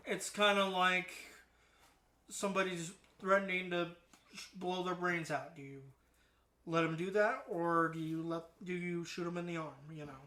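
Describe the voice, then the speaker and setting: A man co-hosting a casual podcast, cracking dark jokes in a deadpan way. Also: sits high, normal speed. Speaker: podcast co-host. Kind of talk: casual chat. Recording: echoey room.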